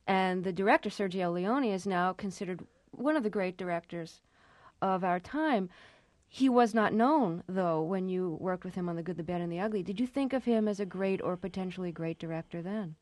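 A woman's voice: fairly low pitch, moderate pace, darkish tone, no room sound. Radio interviewer, woman, curious, explains at length; dry studio sound.

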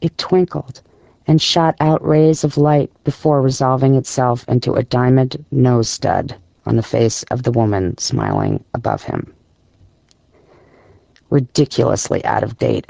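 A man reading a story aloud in a measured, even storytelling voice with a gravelly edge. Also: medium pitch, dry recording. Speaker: narrator. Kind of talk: scripted audiobook narration.

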